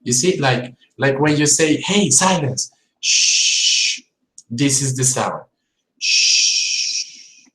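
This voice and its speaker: Teaching pronunciation on a live stream, a male English teacher who grew up speaking Spanish talks a little slowly, with lively intonation and few pauses at a medium pitch. He repeats words and sounds to show them and keeps engaging viewers from an echoey room.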